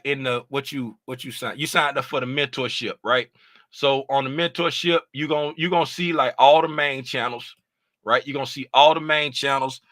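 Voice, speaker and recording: A man's voice: mid-range voice, sharp tone, dry recording. A man hosting a casual livestream as a trading mentor, explaining things in a laid-back, rambling way with lots of "you know what I'm saying.".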